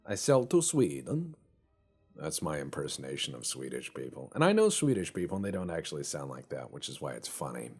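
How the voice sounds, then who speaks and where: A man's voice: a bass voice, big pitch swings, fast talker, few pauses, slightly rough. A man hosting a let's play, rambling in casual, profane, joking gameplay commentary.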